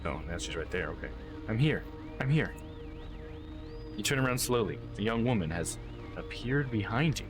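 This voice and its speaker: A man's voice: fairly low pitch, expressive, normal speed, over music. A man live-streaming a game, chatting with viewers and reading the game's text aloud.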